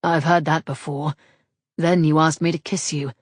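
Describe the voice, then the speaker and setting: A woman voicing a roguish gentleman swordsman in an audiobook, with a low, lazy, flirtatious murmur. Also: little pitch movement, moderate pace, husky, dry recording, clean studio sound. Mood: teasing. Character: teasing, roguish gentleman swordsman, adult man. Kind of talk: audiobook character voice.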